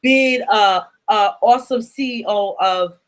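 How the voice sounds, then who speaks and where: A woman's voice: mid-range voice, a little slow, rough recording. A woman hosting a lifestyle talk show, chatting casually and speaking straight to her audience. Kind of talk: casual chat addressing the audience.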